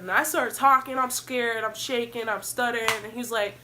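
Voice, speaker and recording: A young woman vlogger telling a wild story in a casual storytime vlog, animated and profane, acting out what people said. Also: a little high, moderate pace, noisy background.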